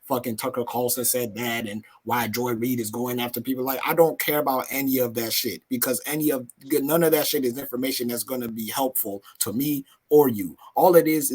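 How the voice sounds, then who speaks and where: Blunt, husky-voiced man. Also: medium pitch. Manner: blunt, forceful, profane. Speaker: podcast co-host. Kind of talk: casual opinion talk.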